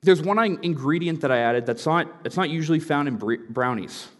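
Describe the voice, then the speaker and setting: A man voicing a calm, patient father who reasons in a steady tone. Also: a little high, a little fast, long reverb tail, close to an everyday voice. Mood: coaxing. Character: calm, firm, patient middle-aged father.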